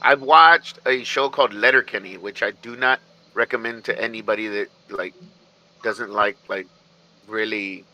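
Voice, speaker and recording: A man chatting casually as a show's co-host, his voice strikingly bright. He rambles and stops to restart his thoughts often, in a loose, unhurried way. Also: on the low side, low-quality recording. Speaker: podcast co-host. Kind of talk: casual chat.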